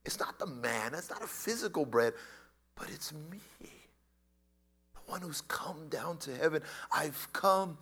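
A man voicing Jesus as a calm, authoritative teacher, earnest and sometimes hushed. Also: fairly high pitch, slow pace, slightly rough, exaggerated voice. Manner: earnest, emphatic, at times hushed.

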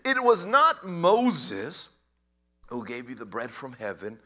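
A man voicing Jesus as a calm, authoritative teacher, earnest and sometimes hushed. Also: mid-range voice, takes it slowly, voice pushed down, heavily acted. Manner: earnest, emphatic, at times hushed.

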